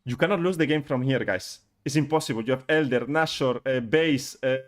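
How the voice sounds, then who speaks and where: A man's voice: medium pitch, brisk. Exasperated male coach. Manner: exasperated, animated critique. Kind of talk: live-streamed gameplay review.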